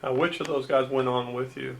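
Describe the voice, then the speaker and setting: A man interviewing his father for a home video, asking slow, prompting questions. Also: mid-range voice, steady tone, vocal fry, slight background noise, low-quality recording. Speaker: interviewer, veteran's son.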